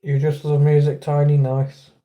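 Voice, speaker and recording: A man's voice: on the high side, completely flat delivery, moderate pace, phone-quality sound. A man with an English accent hosting a casual livestream, chatting with viewers and greeting them by name. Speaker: livestream host.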